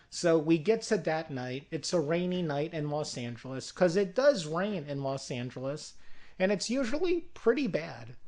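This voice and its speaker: An unhurried speaker lays out a film pitch in a loose, conversational way. The delivery drifts with fillers, self-corrections and offhand jokes. The pitch sits in a middle range. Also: darkish tone. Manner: rambling, with frequent fillers and restarts; chatty asides and self-corrections. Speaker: pitching a movie idea. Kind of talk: casual spoken pitch, retelling a story.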